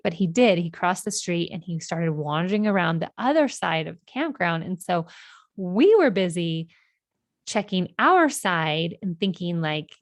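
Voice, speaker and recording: A woman's voice: on the low side, lively intonation, moderate pace, no echo. A woman in her thirties hosting a podcast, telling a personal story in a casual, emotional way with many fillers. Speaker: podcast host.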